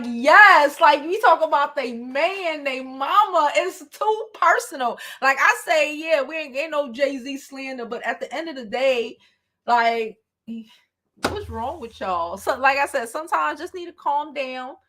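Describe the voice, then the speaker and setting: A woman in her thirties hosting a casual livestream, animated and quick to laugh. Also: high voice. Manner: slow, animated, laughs often. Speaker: livestream host.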